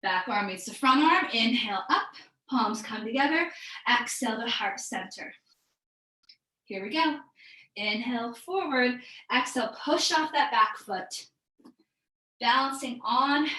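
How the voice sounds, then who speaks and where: A woman's voice: a little high, lively intonation, unhurried, long pauses, sharp tone, echoey room, poor audio. A woman teaching a live online yoga class, calling out breaths and poses in an upbeat, encouraging way, a bit out of breath. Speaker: yoga instructor.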